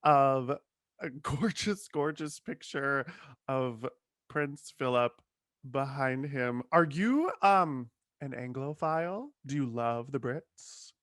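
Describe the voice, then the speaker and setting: A man's voice: medium pitch, animated, takes it slowly, a bit bright, no room sound, studio quality. A man hosting a podcast, chatting in a campy, playful way and laughing often. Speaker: podcast host. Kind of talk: casual comedic interview chat.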